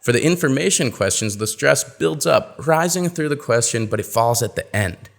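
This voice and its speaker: A man teaching pronunciation in a webinar, explaining and acting out example sentences in a lively, expressive way. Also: mid-range voice, normal speed, gravelly. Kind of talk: webinar lesson.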